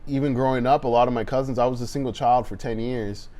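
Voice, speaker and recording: A man co-hosting a podcast, chatting casually and excitedly, acting out scenes with quick voices. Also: mid-range voice. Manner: animated, swearing, acts out scenes in quick voices. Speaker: podcast co-host. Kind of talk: casual chat.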